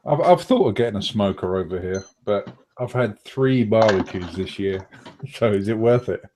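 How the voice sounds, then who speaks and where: A man's voice: fairly low pitch, lively intonation, moderate pace, darkish tone, a little hiss or hum. A man chatting on a stream after a sleepless night and some drinks, laid-back and joking. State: tired and tipsy. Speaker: guest on the stream. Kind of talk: casual chat.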